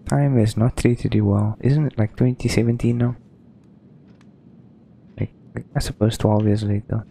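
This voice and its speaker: Creaky-voiced man doing game commentary. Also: on the low side, fairly even intonation, unhurried, mellow, a little hiss or hum. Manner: rambling, hesitant, lots of um and like. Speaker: gaming streamer. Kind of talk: casual let's-play commentary.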